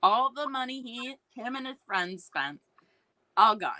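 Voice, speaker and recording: A woman co-hosting a talk show, chatting in an amused, unhurried way. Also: fairly high pitch, expressive, pushed and bright, a little hiss or hum, poor audio. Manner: slow, amused, reacting with laughter. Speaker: podcast co-host. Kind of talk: casual chat.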